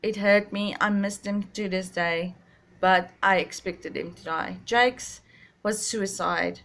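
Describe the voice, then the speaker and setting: Young woman, slow and halting, a bit stuffy-nosed, confessional vlog storytelling. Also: medium pitch, steady tone, fairly bright tone. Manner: halting, emotional, many restarts and pauses. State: stuffy, sinus. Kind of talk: personal storytelling to camera.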